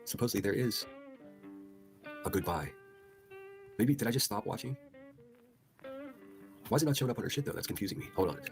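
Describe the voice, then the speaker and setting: A man's voice: on the low side, expressive, brisk, pauses often, soft background music. A man hosting a livestream, reading posts aloud with incredulous, profane commentary. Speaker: livestream host.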